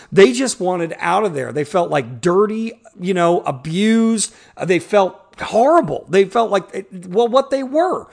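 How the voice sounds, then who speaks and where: Gravelly, fired-up man on a podcast. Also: high-pitched, lively intonation, moderate pace, hardly any pauses. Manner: heated, profane, acts out quotes. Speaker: podcast co-host. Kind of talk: casual chat.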